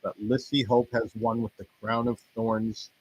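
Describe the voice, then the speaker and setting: A man's voice: on the low side, level tone, a little slow, darkish tone, muffled recording, slight background noise. A man hosting a podcast, chatting loosely and rambling, joking and swearing as he reacts to wrestling results. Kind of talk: rambling casual commentary.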